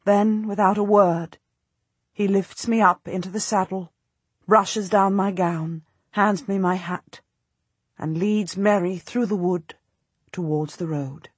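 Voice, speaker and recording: A woman narrating a historical novel in the first person, with measured, expressive storytelling. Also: medium pitch, husky, no echo. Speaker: audiobook narrator.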